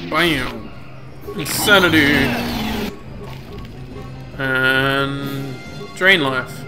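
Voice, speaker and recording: A man's voice: mid-range voice, very slow. A man hosting a gaming video, joking casually while he narrates play and reads game dialogue aloud. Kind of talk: casual gameplay commentary. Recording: game music under voice. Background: game music.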